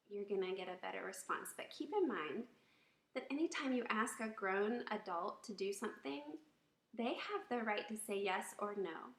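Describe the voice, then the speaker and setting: A woman's voice: mid-range voice, measured pace. A woman giving marriage advice to wives, acting out example phrases to show different tones of voice. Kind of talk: instructional talk to wives. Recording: roomy echo.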